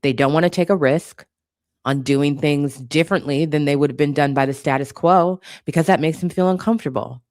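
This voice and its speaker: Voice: medium pitch, fairly quick, a little mellow, dry recording, clean studio sound. A channel host giving an impassioned commentary monologue, blunt and profane, hammering points home with repetition.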